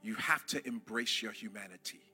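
A man preaching a sermon to a church congregation, impassioned, rising to shouts and calling on the crowd to answer. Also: on the low side, normal speed, breathy edge, faint music behind. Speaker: pastor.

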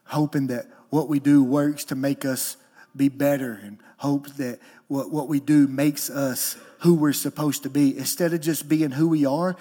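At a measured pace, a man serving as lead pastor preaches with feeling and animation. His delivery rises from soft and low to loud and high.

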